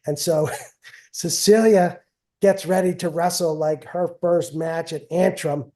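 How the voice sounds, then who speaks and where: A middle-aged wrestling coach telling stories in a casual interview, rambling and repeating phrases with a self-mocking humor. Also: male voice, fairly high pitch, fairly even intonation, takes it slowly, mellow.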